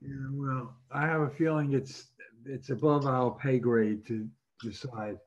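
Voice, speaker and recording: An easygoing man on a casual call, tossing out short, quick replies. His voice is of average pitch. The audio has a dull, lo-fi sound. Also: steady tone. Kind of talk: casual chat over a call.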